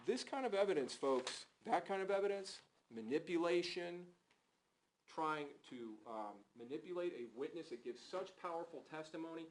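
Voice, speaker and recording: Man giving a forceful courtroom argument. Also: fairly high pitch, animated, moderate pace, poor audio. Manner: emphatic, rhetorical questions. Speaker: prosecutor.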